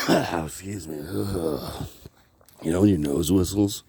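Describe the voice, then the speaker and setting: A man's voice: low-pitched, creaky, warm tone, breathy edge, dry recording. A man from Canada rambling and swearing in a casual vlog outdoors by the water, filming on a handheld camera, laughing often. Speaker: vlogger.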